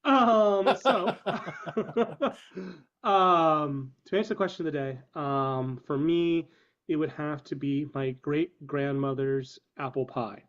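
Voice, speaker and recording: A man reminiscing fondly in casual chat with the group, halting and thoughtful. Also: fairly high pitch, a bit bright. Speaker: player. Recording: muffled lo-fi audio.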